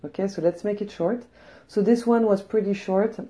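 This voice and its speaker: A young woman with a French accent, hoarse after losing her voice, chatting casually and bluntly as host of her podcast. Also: medium pitch, fairly even intonation, moderate pace, dark tone. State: hoarse, recovering from lost voice. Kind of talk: casual chat.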